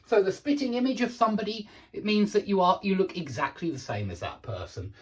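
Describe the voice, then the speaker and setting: A man teaching English vocabulary in a relaxed, explanatory way, repeating and rephrasing each point with small fillers. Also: sits high, fairly quick, few pauses. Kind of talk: casual explanatory vocabulary lesson.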